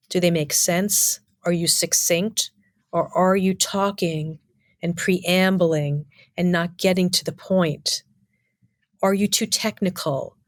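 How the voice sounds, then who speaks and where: A middle-aged woman, a communication lecturer, giving clear, emphatic interview answers full of lists and rhetorical questions. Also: fairly low pitch, no room sound, studio quality.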